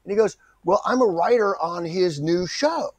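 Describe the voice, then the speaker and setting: A middle-aged man, an actor appearing as a guest, speaks in a high-sitting voice at normal speed on a dry recording. He animatedly tells an anecdote, acting out the voices of the people in it.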